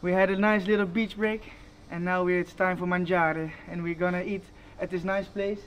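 A young man hosting a travel vlog, talking to camera in a relaxed, chatty way with loose phrasing. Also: high voice, normal speed, a little hiss or hum. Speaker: travel vlogger host. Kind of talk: casual vlog narration to camera.

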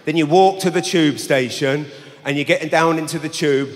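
Live in a large arena, a stand-up comedian from England with a London accent does a foul-mouthed, brash set into a handheld mic. His voice is fairly high and his speed normal, and the sound has a long reverb tail and faint hum.

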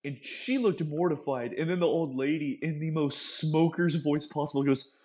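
A man's voice: on the high side, normal speed, a little mellow. A young man, co-hosting a podcast in laid-back casual chat and swearing freely. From Texas. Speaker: podcast co-host.

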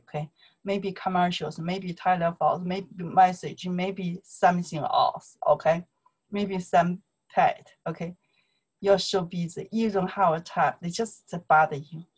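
A woman with a Chinese accent and Mandarin as her first language, teaching a casual online lesson. She speaks slowly and repeats "okay?" again and again to check that her students follow. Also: on the low side, slightly rough. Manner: slow, repetitive, checks in with "okay?" constantly.

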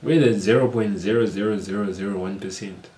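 A man giving earnest, steady advice straight to his viewers in a vlog. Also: lowish voice, quick pace. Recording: roomy echo.

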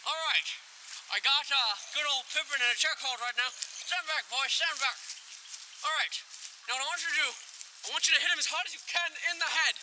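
A man's voice: very high-pitched, a little fast, pushed and bright, a little hiss or hum, heavily acted, rough recording. A man playing a pompous 1950s film professor. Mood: lecturing. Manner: pompous lecturing, dramatic outbursts. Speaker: host of a mock instructional film. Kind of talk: 1950s educational film parody.

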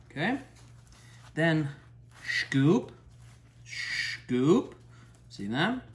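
A man with a mid-range, somewhat bright voice hosts a relaxed cooking show from his kitchen. His banter is loose and profane as he hypes the food, and the distant mic leaves the sound roomy.

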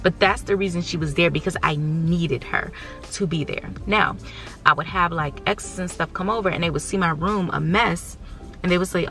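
A woman's voice: on the low side, moderate pace, a bit bright, faint music behind. A woman in her thirties from the United States, talking candidly and emotionally to her viewers in a casual vlog. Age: 30s. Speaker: vlogger.

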